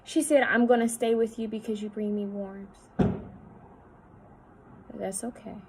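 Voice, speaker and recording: A woman psychic medium talking at home, relaying messages in a halting, repetitive way that often drops to a hushed voice. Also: mid-range voice, fairly even intonation, husky, low-quality recording. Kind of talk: spirit-channeling video monologue.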